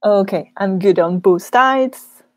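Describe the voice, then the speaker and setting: A French teacher with a French accent, chatting in a live question-and-answer session from a small office studio room, laughing easily between frequent ums. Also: female voice, medium pitch, slow, no room sound. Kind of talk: live Q&A chat.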